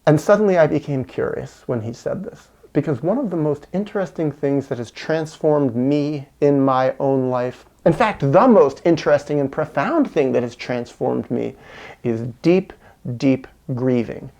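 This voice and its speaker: Man, gravelly voice, reflective solo monologue, earnest and repetitive. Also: on the high side, animated, moderate pace, darkish tone. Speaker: video essayist.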